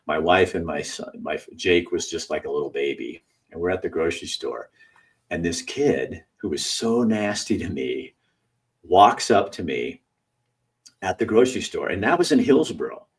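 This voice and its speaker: A middle-aged man with a low, highly animated voice that swings widely as he tells stories. He acts out voices and laughs easily. He sits a bit back from the mic. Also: moderate pace, distant mic. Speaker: host. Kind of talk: casual storytelling conversation.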